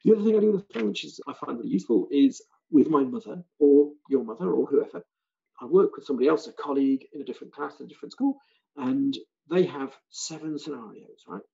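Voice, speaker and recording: British man, gravelly mellow voice, animated teacher trainer, online seminar, dull lo-fi call audio. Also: a little high, fast talker. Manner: animated, acts out students' and callers' lines.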